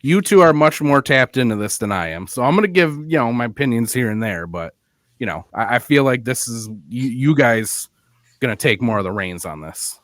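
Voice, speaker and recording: A male podcast co-host tells a story in casual chat, laughing at his own punchlines. His mid-range voice is animated and fairly bright at a normal pace, in a dry, studio-quality recording.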